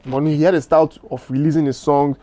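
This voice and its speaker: A man's voice: fairly high pitch, little pitch movement, quick pace, dark tone. A young Ghanaian man, a musician guest, telling stories in a casual interview and stumbling over many restarts. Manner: mixes Twi, Pidgin and English, many restarts.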